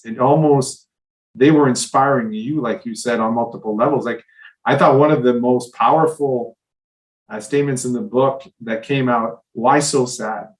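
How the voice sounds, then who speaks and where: Man, interview host, enthusiastic, long-winded, mid pitch, slightly distant voice. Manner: enthusiastic, rambling questions. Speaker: podcast host. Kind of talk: interview conversation. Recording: voice a bit distant from the mic.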